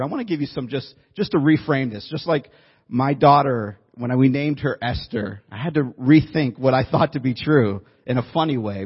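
A man with a husky, slightly breathy voice delivers a sermon in a relaxed storytelling manner, teasing his listeners now and then. The recording sounds dull and lo-fi, as though captured in a church room. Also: mid-range voice. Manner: conversational storytelling, joking with the audience. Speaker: pastor. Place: church room before a congregation.

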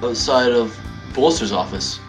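A man playing a tabletop role-playing game, answering quickly in and out of character. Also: medium pitch, over music, rough recording. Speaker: player.

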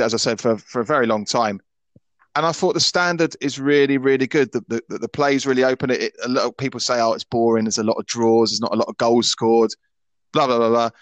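This Scottish man in his thirties hosts a football podcast, chatting casually and sharing strong opinions while often stammering and restarting sentences. His voice is medium-pitched and a bit bright, on a dry recording.

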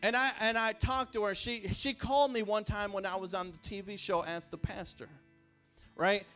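A man preaching a sermon as pastor, talking in a conversational way with repeated phrases and restarts, dropping quiet and then rising loud. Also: high-pitched, steady tone, normal speed, soft background music. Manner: swings between hushed and raised. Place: church sanctuary.

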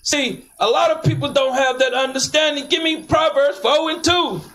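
A man preaching, commanding his reader to read on and firing back sharp questions. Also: extremely high pitch, normal speed, low-quality recording. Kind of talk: street preaching with scripture reading.

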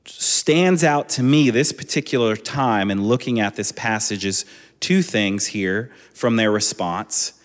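A man in his thirties preaching a sermon as a pastor, relaxed and conversational with chatty asides. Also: lowish voice. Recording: long echoing hall reverb.

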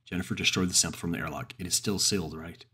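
A man voicing a stern male captain of a deep-sea station, giving curt, commanding orders in a horror story reading. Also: steady tone, racing, bright, forceful tone, husky, full character voice.

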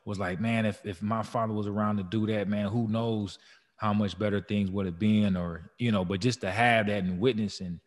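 A man's voice: fairly low pitch, steady tone, moderate pace, big-room sound. A man co-hosting a casual podcast, rambling with lots of "you know" fillers. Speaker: podcast co-host.

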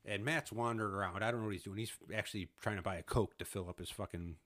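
A man in his thirties spins a loose, laughing story for a podcast. He swears freely and acts out the people he quotes. His voice is bright and pushing. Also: on the low side, fairly even intonation, fast talker. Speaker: podcast host. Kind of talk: casual storytelling chat.

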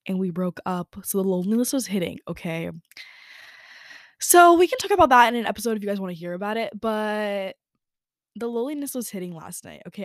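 A woman's voice: lowish voice, dry recording. Chatty young woman podcaster, dry sound. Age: young adult. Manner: chatty, candid, lots of "like" and swearing. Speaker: podcast host. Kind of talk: casual personal chat. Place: indoors by a window.

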